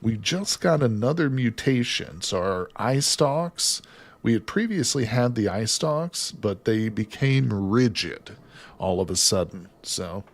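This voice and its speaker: A man's voice: mid-range voice, expressive, a little slow. A man livestreaming a game, chatting casually with viewers, reading their comments aloud, joking and laughing often. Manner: jokey, laughs often, reads chat aloud. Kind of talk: casual livestream chat while gaming.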